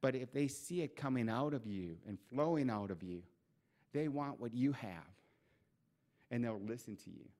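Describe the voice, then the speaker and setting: A man preaching a church sermon, telling a scripture story with lively acted-out voices and asides. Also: mid-range voice, moderate pace. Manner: animated storytelling, acts out quoted voices. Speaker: pastor. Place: church sanctuary.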